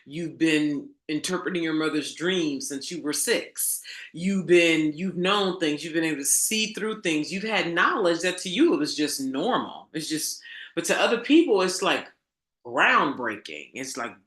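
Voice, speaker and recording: A woman's voice: low-pitched, sing-song, a little slow, a bit bright. A woman coach giving a casual motivational monologue, emphatic and preachy, swearing and calling her viewers girl. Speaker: spiritual coach. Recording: echoey room.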